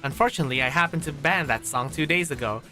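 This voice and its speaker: A man reading the lines of a polite, glitchy robotic vault management system in a formal, measured way. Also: a little high, pushed and bright, soft background music.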